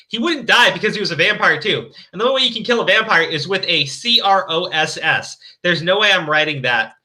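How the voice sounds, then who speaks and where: A man's voice: high voice, pushed and bright. A man hosting a stream, reading fan fiction aloud with mocking, profane commentary. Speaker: stream host.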